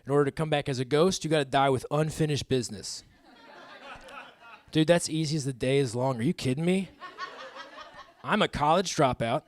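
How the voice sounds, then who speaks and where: A man in his thirties doing live stand-up comedy on a club stage, crude and self-mocking, with quick asides to the crowd. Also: fairly high pitch. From American Midwest.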